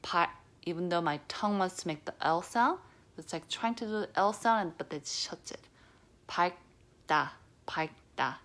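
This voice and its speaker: A woman teaching a pronunciation lesson, patiently repeating sounds and often dropping to a soft near-whisper. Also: lowish voice, brisk. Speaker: Korean language teacher.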